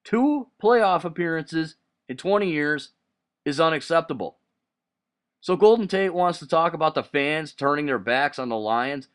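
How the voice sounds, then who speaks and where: A man's voice: fairly high pitch, animated, a little slow, clear, resonant tone. Fired-up man ranting about sports. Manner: heated, profane ranting with sharp outbursts. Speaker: sports vlogger. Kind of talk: solo sports rant to camera.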